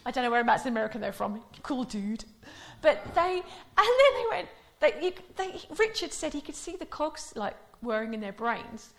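A woman's voice: on the high side, very animated, moderate pace, vocal fry, few pauses. A woman preaching a sermon, telling stories in a chatty way before leading a prayer. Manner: chatty storytelling, laughing often.

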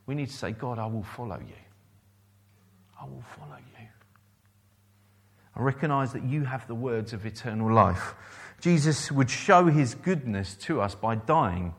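A man preaching a sermon, quoting scripture and repeating key phrases for emphasis. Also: medium pitch.

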